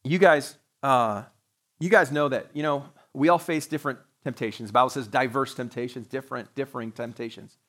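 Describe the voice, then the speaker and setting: A man's voice: mid-range voice, a little fast, a bit bright. A man preaching a sermon to his congregation as pastor, talking in a conversational way with joking asides. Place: church sanctuary, live-streamed service.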